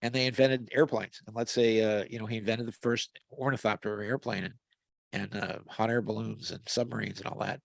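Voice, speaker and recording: A man with a gravelly, fry-edged voice tells long rambling stories, full of restarts and fillers. He sounds close and dry, as if on a video call. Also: fairly low pitch, steady tone, a little fast, no room sound. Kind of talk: casual conversational storytelling. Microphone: video call mic.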